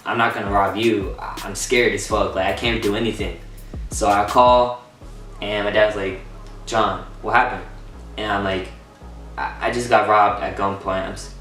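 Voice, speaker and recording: Young man, storytime vlog, excited, swearing, low-ish voice, faint music behind. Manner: excited, swearing, acts out quotes. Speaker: vlogger. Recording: roomy echo from far off.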